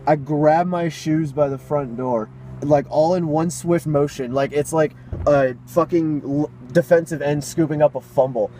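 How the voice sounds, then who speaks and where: A man's voice: a little high, fairly even intonation, measured pace, mellow, a little hiss or hum, poor audio. Young man narrating in a rush. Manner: breathless run-on narration, profane. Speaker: podcast co-host. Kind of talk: casual storytelling chat.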